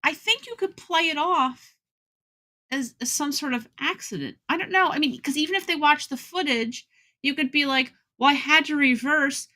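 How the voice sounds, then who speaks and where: A woman's voice: high-pitched, normal speed. A woman co-hosting a casual talk show, telling stories and acting out the reactions of the people in them. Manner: animated, acts out quoted reactions. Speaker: co-host. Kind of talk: casual chat.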